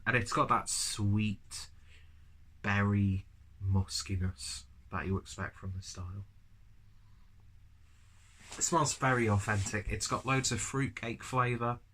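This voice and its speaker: A man's voice: on the low side, slow pace, long pauses, a bit bright. A man with a cold and a stuffy nose, reviewing a beer in a rambling, chatty, self-deprecating way. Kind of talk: casual review vlog.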